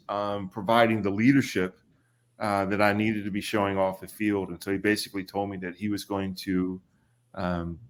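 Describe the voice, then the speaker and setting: A middle-aged man from Kentucky, telling a story on a podcast. He talks casually at a mid pitch. When he quotes people, his voice jumps up and gets livelier. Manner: animated, acts out quotes with raised voice. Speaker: podcast guest.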